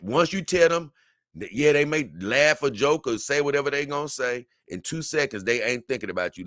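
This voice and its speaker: A man's voice: mid-range voice, fairly bright tone, no echo, clean studio sound. A man hosting a casual livestream, reading out viewer comments and answering them in loose, repetitive, slang-heavy talk.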